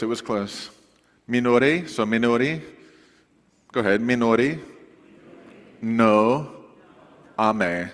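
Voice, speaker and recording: Male pastor w a lowish voice chatting to his church, long echo off the sanctuary walls. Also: fairly bright tone. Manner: conversational and folksy, with asides to the congregation. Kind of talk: sermon announcements.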